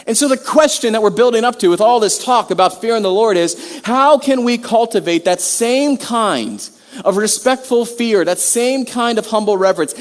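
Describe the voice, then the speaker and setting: A man's voice: medium pitch, expressive, normal speed. Conversational preacher man in a reverberant hall. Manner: conversational, many restarts and rhetorical questions. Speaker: pastor. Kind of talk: sermon.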